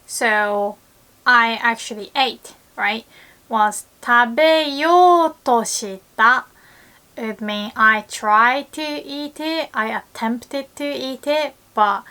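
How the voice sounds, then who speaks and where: Young woman, teacher, measured delivery, playful laughs, bright acted-out quotes. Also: on the high side. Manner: laughs often, acts out lively quoted lines. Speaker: Japanese language teacher. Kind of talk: online language lesson.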